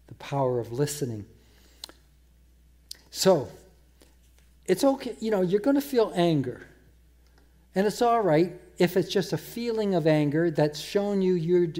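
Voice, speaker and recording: A man preaching a sermon, emphatic, repeating words and slowing down to quote scripture. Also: a little high, dark tone. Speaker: pastor.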